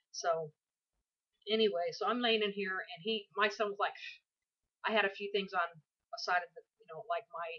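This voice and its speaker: A woman's voice: fairly low pitch, highs cut off. A tired woman in her forties telling a story to her camera from her bed at home, rambling and chatty with many asides. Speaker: vlogger. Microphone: built-in camera microphone.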